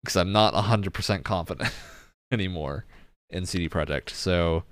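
A man hosting a casual gaming news chat, relaxed and chatty with frequent laughs. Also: deep voice, moderate pace, no room sound, studio quality. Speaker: podcast host.

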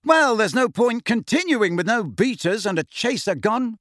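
A man voicing a brisk young female team captain who gives clipped, commanding instructions. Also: a little high, animated, no room sound, clean studio sound, pitched above the performer's own voice, lightly acted.

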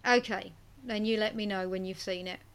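A woman's voice: mid-range voice, steady tone, a little fast, fairly bright tone, clear, resonant tone. A woman co-hosting a casual film podcast, chatty and self-mocking as she reads out listener comments. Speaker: podcast co-host.

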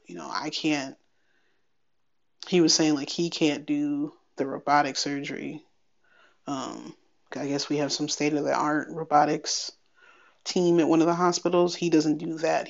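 Chatty woman with a gravelly voice. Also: low voice. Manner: chatty, wry, quoting others in animated bursts. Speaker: podcast host. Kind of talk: candid personal update. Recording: slightly dull lo-fi sound.

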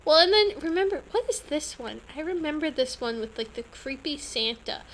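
A woman's voice: high voice, animated, moderate pace, background noise. A young adult woman co-hosting a podcast, chatting casually and animatedly with lots of laughter. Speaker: podcast co-host. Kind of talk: casual chat.

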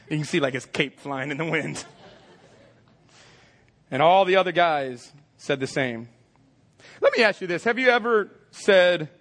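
A man, preaching a lively, joking sermon and acting out scenes. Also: fairly high pitch. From Texas. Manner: energetic, joking, acts out scenes in voices. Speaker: pastor. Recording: long hall reverb.

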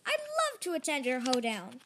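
A squeaky, very high female mouse, put on by a woman reading aloud, cheerful and bossy. She snaps out orders and stretches her sweet words into a lazy drawl, in a storybook reading. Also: wildly swooping pitch, fairly bright tone, a little hiss or hum, heavily acted. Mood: breezy. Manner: brisk, commanding, drawling endearments.

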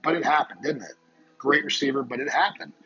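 A man hosting a podcast, delivering a heated, profane solo rant with rapid-fire rhetorical questions. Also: mid-range voice, lively intonation, music in the background. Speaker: podcast host. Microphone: phone. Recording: muffled lo-fi audio with crowd noise behind.

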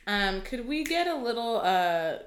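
A woman's voice: on the high side, big pitch swings, a little slow, slight background noise. Laid-back woman podcast co-host, swearing freely. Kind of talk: casual chat. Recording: roomy sound with guitar playing.

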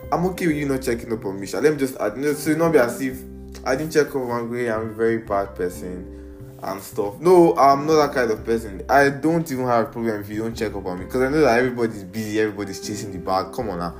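A man's voice: mid-range voice, lively intonation, fast talker, faint music behind. A young man with a Nigerian accent hosting a casual solo podcast, playful and rambling, mixing in pidgin slang, recorded on an iPad. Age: young adult. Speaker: podcast host.

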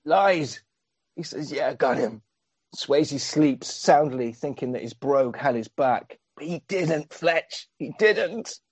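A man's voice: fairly high pitch, expressive, takes it slowly, husky, no echo. Sweary man recapping a film. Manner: sweary, sarcastic storytelling. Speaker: podcast host.

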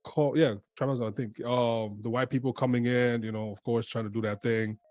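A man in a casual group chat, relaxed and rambling, full of fillers. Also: mid-range voice, a little fast, no room sound.

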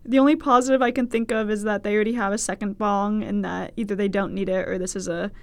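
A woman's voice: medium pitch, fast. A young woman hosting a podcast, telling a personal story in casual, candid chat with frequent swearing and laughter. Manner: candid, swearing, laughing, animated quoted voices. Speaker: podcast host.

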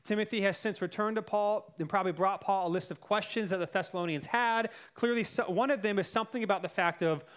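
A man's voice: high voice, fast, few pauses, a bit bright, clear, resonant tone. A man giving a casual, conversational sermon as a pastor, talking through his points with many fillers and asides. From United States.

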